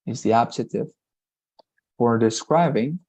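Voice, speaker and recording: Speaking at an unhurried pace with a medium-pitched, dark and mellow voice, a native Spanish speaker walks an online class through English grammar one step at a time. He checks in regularly with a "right?" to confirm his students are following.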